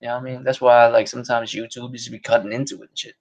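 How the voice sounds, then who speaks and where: A man's voice: mid-range voice, level tone, racing. A man hosting a podcast stream, chatting casually in a rambling, profane way and laughing often. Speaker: podcast host. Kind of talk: casual solo stream chat.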